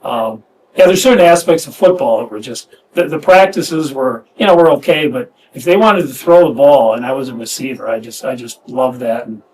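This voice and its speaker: Halting middle-aged man, mic set back. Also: medium pitch, a little mellow, recorded from a distance, rough recording. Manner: halting, reflective, many restarts. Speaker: former player reminiscing. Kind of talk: casual chat.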